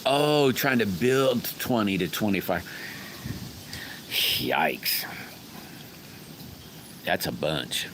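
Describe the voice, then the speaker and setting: A man's voice: low voice, big pitch swings, extremely slow, long pauses, noisy background. A middle-aged man hosting a casual live stream, rambling in a folksy way and greeting viewers by name. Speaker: livestream host.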